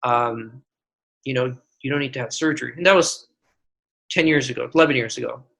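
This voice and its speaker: An earnest man in his forties talks through his own stories as a podcast guest. His voice is bright and forward, and he often restarts his sentences as he works toward his point. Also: medium pitch, brisk, gravelly, poor audio. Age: 40s. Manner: earnest, storytelling with many restarts. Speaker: guest physician. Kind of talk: podcast interview.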